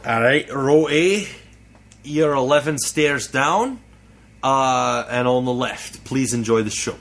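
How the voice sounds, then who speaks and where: A man's voice: medium pitch, takes it slowly, a bit bright. A man putting on a Scottish accent to play a cheerful male ticket taker. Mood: welcoming.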